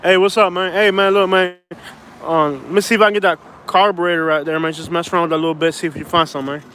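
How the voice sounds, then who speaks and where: A man's voice: on the high side, steady tone, pushed and bright, a little hiss or hum. A man putting on a laid-back Southern country mechanic with a drawl, talking outdoors. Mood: easygoing. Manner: slow country drawl, calls everyone "man". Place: outdoors on a street.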